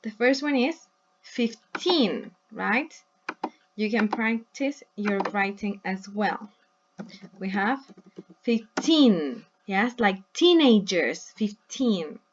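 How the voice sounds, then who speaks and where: In a recorded English lesson, a woman with an expressive, medium-pitched voice patiently models words slowly for her students to echo, often checking understanding with "yes?" and "right?". The recording is muffled against a noisy background.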